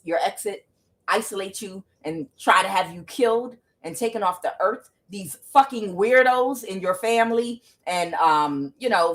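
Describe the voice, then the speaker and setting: A woman giving a casual tarot reading to camera, emphatic and exclaiming, talking straight to her viewers. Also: mid-range voice. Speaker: tarot reader.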